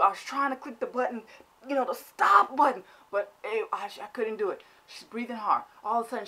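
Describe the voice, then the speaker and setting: A woman's voice: medium pitch, a bit bright. A woman vlogger telling a comic story in an exaggerated, mock-dramatic way. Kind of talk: comedic storytelling vlog.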